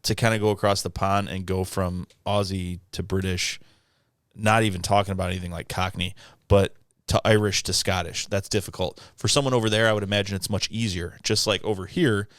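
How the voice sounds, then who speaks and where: A man co-hosting a casual podcast, rambling through his points and restarting often. His voice is low and smooth, recorded dry and close. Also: fairly even intonation, fairly quick, a bit bright, no echo. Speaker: podcast co-host. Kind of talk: casual chat.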